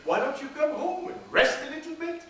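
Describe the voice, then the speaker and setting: A man's voice: very high voice, animated, brisk, a bit bright, slight background noise, pitched above the performer's own voice. A man voicing a sly old witch who sweetly coaxes travelers into her home. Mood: coaxing. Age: older. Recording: echoey theater from far off, drums.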